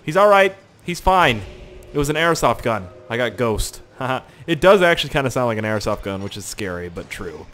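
A man's voice: mid-range voice, big pitch swings, normal speed, fairly bright tone, faint music behind. A young man casually commentating a video game, goofy and joking, swearing freely. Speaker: gaming channel host. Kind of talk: casual let's play commentary.

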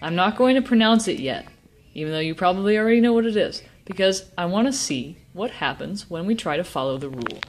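A woman teaching Spanish stress rules, slowly sounding out example words. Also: on the low side, expressive, slight background noise. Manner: slow, deliberate word demonstrations. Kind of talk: classroom-style explanation.

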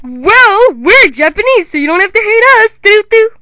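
A woman voicing a team of hyper, silly highlighter space heroes in a homemade puppet show, bouncy and teasing. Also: big pitch swings, normal speed, very noisy. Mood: taunting. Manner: giddy, bouncy, shouty teasing.

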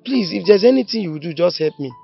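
A distressed accused boyfriend, Nigerian accent, high gravelly voice, dry dull film audio with soft music. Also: male voice, animated, fast talker, full character voice. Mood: pleading. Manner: pleading, stammering. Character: distressed young man accused of cheating, pleading.

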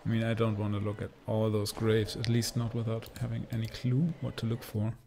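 A man's voice: fairly low pitch, monotone, a little fast, vocal fry, mellow, a little hiss or hum. A man streaming a game with casual commentary and dry, sarcastic asides.

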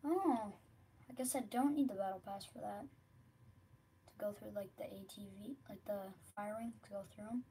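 A woman giving casual, rambling commentary while streaming a video game, often dropping to quiet mutters. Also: medium pitch, normal speed, slightly rough. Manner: chatty, rambling, drops to mutters.

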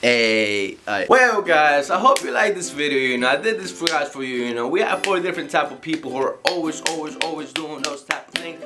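A man's voice: a little high, lively intonation, quick pace, hardly any pauses, noisy background. A young man hosting a casual gaming video, rambling with lots of "you know" fillers. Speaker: video host. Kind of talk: casual vlog talk to camera.

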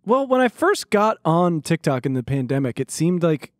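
A man's voice: a little high, very animated, normal speed, no echo, studio quality. A man co-hosting a podcast in casual chat, swearing freely and mocking others. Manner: swearing, mocking, quotes people in put-on voices. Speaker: podcast co-host.

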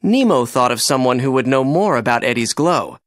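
A narrator reading a children's storybook aloud in an expressive, animated way. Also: medium pitch, normal speed, no room sound, studio quality.

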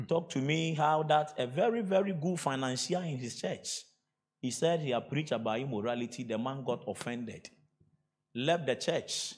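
A middle-aged man with a Ghanaian accent preaching a sermon, swinging from shouts to quiet storytelling and laughing as he goes. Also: fairly high pitch, moderate pace. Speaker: pastor.

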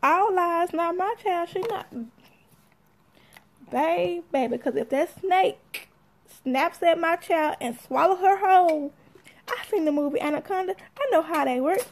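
Young woman, AAVE, high gravelly voice, sassy storyteller acting out quotes. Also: measured pace, a little hiss or hum. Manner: animated, sassy, acts out quotes. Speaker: mother telling a story. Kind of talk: casual storytelling.

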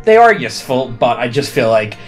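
A man's voice: mid-range voice, sing-song, fairly quick, faint music behind. A man co-hosting a podcast in casual chat, rambling and apologetic with hesitant restarts. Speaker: podcast co-host.

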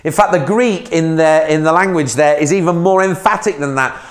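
A man's voice: a little high, moderate pace, few pauses. A man, a minister giving a sermon in a conversational way, asking the listener questions.

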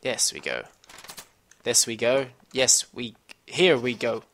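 Speaking slowly in a sing-song, medium-pitched voice with a bit of brightness, a man comments on a video game at home. His casual let's-play talk rambles, swears frequently, and drifts into talking to himself as he plays in a room with a computer.

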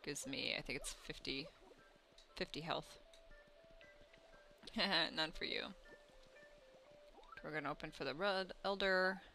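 A woman's voice: low-pitched, slow, long pauses, pushed and bright. A woman casually commenting while playing a video game, chatty and giggly. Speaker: gamer. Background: game music.

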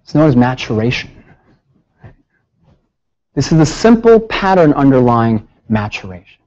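A man giving a public lecture, telling stories with lively rhetorical questions. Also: medium pitch, unhurried, dull audio. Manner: animated storytelling with rhetorical questions. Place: lecture hall.

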